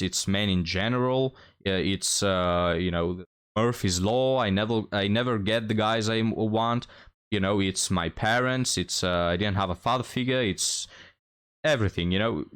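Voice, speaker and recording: Low-voiced man lecturing his viewers. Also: clean tone. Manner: lecturing, tells a moral story. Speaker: commentary host. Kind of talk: reaction commentary.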